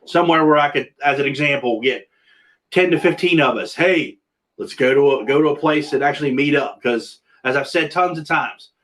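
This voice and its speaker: A man's voice: on the high side, normal speed, a bit bright. Rambling, chatty male podcast host. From Pennsylvania. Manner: rambling, repeats words and restarts often. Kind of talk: casual video call chat.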